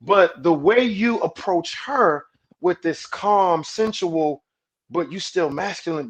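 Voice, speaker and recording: A man speaking as a podcast guest, preachy in manner, repeating words as he builds a point and dropping low and soft when he quotes calming words. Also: takes it slowly. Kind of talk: podcast conversation.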